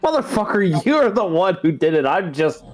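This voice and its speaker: A man's voice: high voice, big pitch swings, normal speed, a loud crowd. Laughing man in rambling chat. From US Midwest. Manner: laughs often, rambling restarts. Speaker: co-player on stream. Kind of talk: casual chat.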